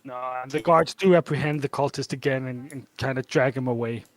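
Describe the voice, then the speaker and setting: Hesitant game master. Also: male voice, medium pitch, brisk, dry recording. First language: Danish. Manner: hesitant, many fillers. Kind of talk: narrating a tabletop game.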